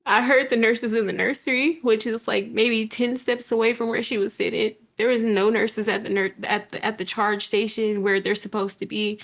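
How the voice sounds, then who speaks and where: A young woman telling her personal story as an interview guest, halting and repeating herself while quoting what others said. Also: on the high side, steady tone, creaky, fairly bright tone. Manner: halting, repeats words, quotes others vividly. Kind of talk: emotional personal testimony.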